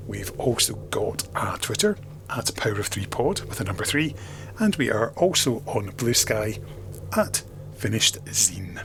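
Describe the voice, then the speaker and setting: A man's voice: on the low side, fairly bright tone, a little hiss or hum. A man hosting a podcast, chatting in a wry, self-mocking way as he reads out listener reviews. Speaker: podcast host. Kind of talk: casual podcast chat, reading out listener reviews.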